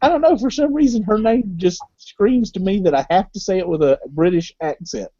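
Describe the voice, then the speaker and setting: Teasing male host, dark husky voice. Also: high-pitched, lively intonation, a little fast, no echo. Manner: joking, teasing. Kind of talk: casual live-stream chat. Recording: dull lo-fi stream audio.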